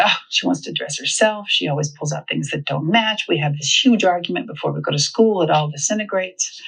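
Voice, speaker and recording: A woman speaking to parents about raising children, lively and humorous, acting out little quoted exchanges. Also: low-pitched, breathy edge, poor audio. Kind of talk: talk to parents.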